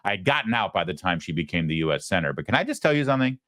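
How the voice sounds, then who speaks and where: A man's voice: low-pitched, sing-song, racing, fairly bright tone, no room sound, studio quality. A man hosting a show, giving opinionated political commentary with frequent stammered restarts. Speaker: host.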